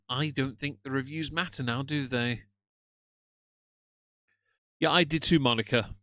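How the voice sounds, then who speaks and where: A man's voice: mid-range voice, a bit bright, dry recording. A man doing sarcastic live-stream reaction commentary and greeting viewers by name.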